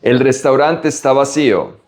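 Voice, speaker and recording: A man from Latin America teaching Spanish vocabulary, slowly drilling pronunciation word by word. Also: medium pitch, darkish tone, slight background noise. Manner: slow, careful pronunciation drills. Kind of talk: vocabulary lesson.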